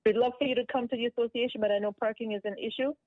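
A woman from a community association calling in to a radio show, giving upbeat announcements and shout-outs. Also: a little high, steady tone, very fast, no echo. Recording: tinny phone line.

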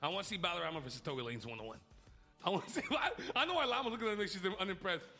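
A man hosting a campus radio show in casual chat, laughing often and jumping into high squeals. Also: expressive, very fast, pushed and bright, faint music behind.

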